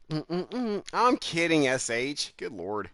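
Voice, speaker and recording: A man's voice: on the high side, a bit bright, dry recording, studio quality. A man with a Southern American accent chatting casually with viewers while streaming a racing game, joking and reading the chat aloud. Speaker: gaming streamer.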